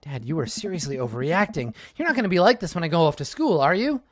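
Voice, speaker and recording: A man's voice: a little high, big pitch swings, quick pace, no room sound, studio quality. A man voicing a sulky, dismissive teenage girl from a dating-sim game. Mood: annoyed.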